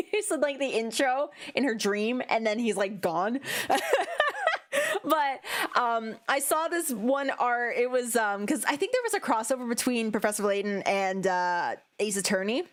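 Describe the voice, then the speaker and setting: Giggly high-voiced woman streamer. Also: unhurried. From Canada. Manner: giggly, excitable, laughs often. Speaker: game streamer. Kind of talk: casual livestream chat.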